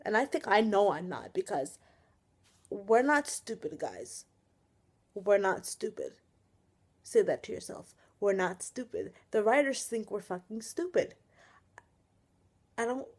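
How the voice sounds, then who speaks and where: A woman's voice: medium pitch, breathy edge. A young woman ranting on a casual vlog, angry and exasperated, sighing often and swearing as she talks. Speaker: vlogger reviewing a TV episode. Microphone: webcam or built-in camera mic.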